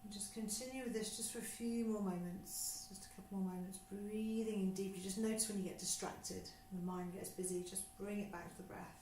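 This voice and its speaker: A woman yoga teacher talks listeners through slow, deep breathing in an unhurried, soothing voice. Her voice rings a little in an echoey room. A faint background hum sits under her words. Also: steady tone, mellow. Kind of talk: guided breathing instruction.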